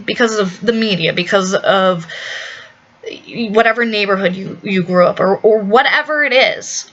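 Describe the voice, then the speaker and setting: A woman's voice: a little high, fairly bright tone, lo-fi sound. A woman ranting bluntly in an opinion vlog, swearing often and restarting her sentences. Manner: profane, blunt, fast with many restarts.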